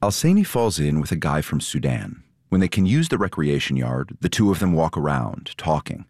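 A man reporting, reading a scripted story narration in a measured, steady way and interviewing guests. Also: extremely low pitch, husky, no echo, clean studio sound. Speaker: reporter and host.

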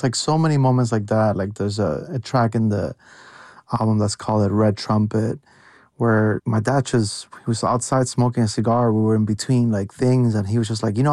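A man's voice: medium pitch, a little mellow, dry recording. A young man producer calling in to a radio interview, earnest, with lots of "like" fillers. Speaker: guest producer. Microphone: phone call.

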